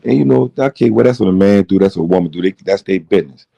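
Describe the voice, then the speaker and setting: Middle-aged guy on a late night stream, deep gravelly voice, rambling and cussing a lot. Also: quick pace, warm tone. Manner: rambling, profane, heated storytelling. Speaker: livestream host. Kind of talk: late-night livestream rant.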